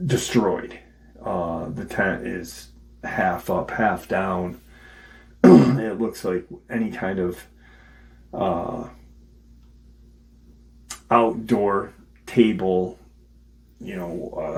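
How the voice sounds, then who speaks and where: A man casually retelling an encounter as a podcast host, halting with many ums and restarts. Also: sits low, creaky, a little mellow, low-quality recording. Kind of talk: casual spoken storytelling.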